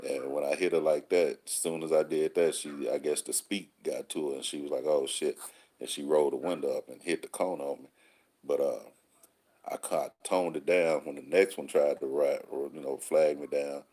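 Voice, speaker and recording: A man with an extremely low, husky voice talks easily to his listeners. His tone is mellow and dark, and he drawls through street slang and little rhyming sayings. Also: steady tone, normal speed. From Texas. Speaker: call-in show host. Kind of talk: casual monologue answering listeners.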